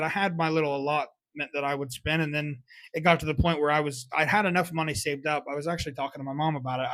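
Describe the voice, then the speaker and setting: A man's voice: fairly high pitch, fairly bright tone, no room sound. Candid young man telling a confession. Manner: candid, frequent swearing, self-reflective. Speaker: podcast host. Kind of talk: confessional solo storytelling.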